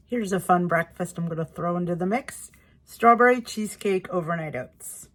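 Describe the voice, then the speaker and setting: A woman's voice: lowish voice, moderate pace, a bit bright. A middle-aged woman hosting a casual cooking vlog in her home kitchen, chatty and upbeat as she talks to viewers. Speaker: cooking channel host.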